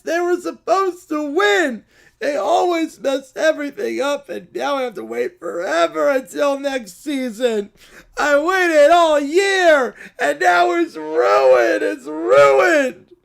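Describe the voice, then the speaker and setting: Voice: very high voice, a little slow, a little mellow. A streamer voicing a whiny toy bear, a football fan who sobs and wails over a loss, in a comedy skit on a live stream. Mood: tearful. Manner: sobbing, wailing complaints.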